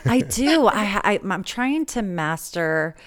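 A woman's voice: medium pitch, sing-song, takes it slowly. A middle-aged woman hosting a podcast, chatting casually and laughing easily. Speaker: podcast host. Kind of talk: casual chat.

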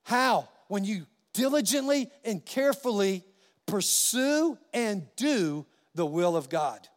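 A man preaching a sermon as a pastor, animated storytelling and acting out the voices in his quotes. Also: high voice, slow pace, big-room sound.

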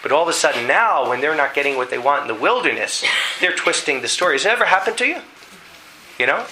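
A man preaching a sermon, telling a dramatic story in an animated way and reading scripture aloud. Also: a little high, fast talker, a little hiss or hum, low-quality recording. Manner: animated storytelling, acting out voices.

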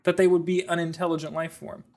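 A man co-hosting a podcast in casual chat, relaxed and wry, reasoning things out aloud. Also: on the high side, fast talker. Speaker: podcast co-host.

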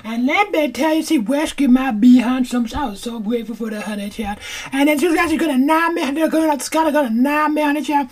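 A woman's voice: high voice, fast talker, a little mellow, close to an everyday voice. A woman voicing a chatty older grandmother in a comedy audio drama, who rambles theatrically and calls everyone "honey child". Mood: boastful. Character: chatty older grandmother who brags about royal encounters.

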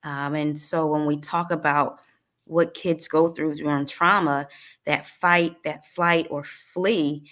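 Low, flat-voiced woman telling her story. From New Jersey, US. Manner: earnest, halting, emotional. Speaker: interview guest. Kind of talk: personal life story in conversation.

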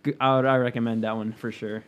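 Co-host, male, mid-pitched, loose rambling delivery full of fillers. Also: little pitch movement, fast talker. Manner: rambling, profane, many fillers. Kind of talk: casual chat.

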